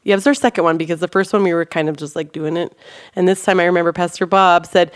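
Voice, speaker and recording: A woman's voice: on the low side, fairly even intonation, fast, clean tone. A woman guest on a church podcast, telling a story in casual conversation and acting out the voices of the people in it. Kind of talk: casual testimony chat.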